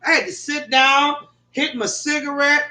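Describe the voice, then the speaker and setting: A middle-aged woman telling a rambling, animated story to her viewers at home, with heavy swearing. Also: high-pitched, unhurried. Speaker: vlogger. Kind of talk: casual profane storytelling to viewers. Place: bedroom at home. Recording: echoey room.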